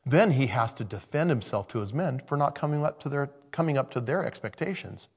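A man's voice: mid-range voice, expressive, brisk, breathy edge. A man preaching a sermon in a conversational way, thinking aloud and interrupting himself. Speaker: pastor.

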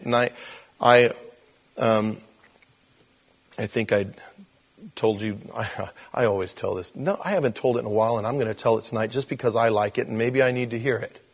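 An older man speaking as a preacher who tells stories rather than lecturing. His delivery is conversational and animated, and he slips into the voices of the people he describes. His voice sits in an ordinary middle range. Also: mid-range voice, husky. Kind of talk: conversational sermon storytelling.

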